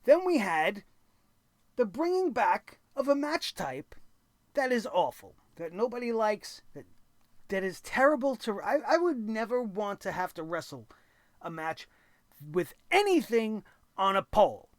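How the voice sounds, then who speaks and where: A man's voice: high voice, sing-song, measured pace, no room sound. A man reviewing a wrestling show in a blunt, crude, exasperated rant full of sarcastic asides. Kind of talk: opinionated recap rant.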